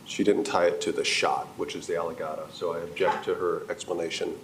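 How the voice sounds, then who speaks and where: A man's voice: sits low, level tone, brisk, fairly bright tone. A man defense attorney raising clipped objections to the judge in a courtroom. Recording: echoey courtroom audio with clear noise.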